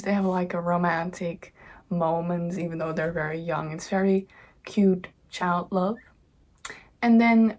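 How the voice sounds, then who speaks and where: A woman's voice: mid-range voice, darkish tone. A young woman casually chatting about her own book at home, rambling, bubbly and easily sidetracked. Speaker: author and vlogger. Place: home indoors.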